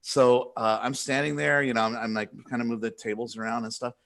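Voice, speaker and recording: A man spins a story on a casual hobby podcast, rambling and restarting as he goes. His voice sits at an ordinary middle pitch, and he is easygoing and chatty. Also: brisk, creaky. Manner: rambling, animated retelling with many restarts. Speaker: podcast co-host.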